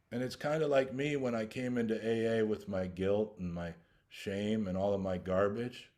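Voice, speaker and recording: A man's voice: lowish voice, steady tone, normal speed, a little mellow. A man giving an earnest, rambling personal share at a recovery workshop, often restarting his sentences as he goes. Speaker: invited speaker at a recovery workshop.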